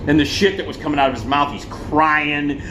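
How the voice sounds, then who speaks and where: A man giving a casual vlog rant, profane and sarcastic, in an animated ranting manner. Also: on the high side, a little fast, a little hiss or hum. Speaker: vlogger.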